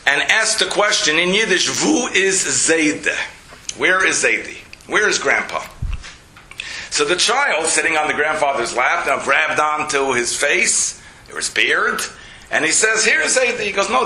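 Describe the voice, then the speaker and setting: A man, a rabbi, giving a storytelling lecture, animated, jumping his pitch to act out quotes. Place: lecture hall. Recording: roomy lecture hall echo.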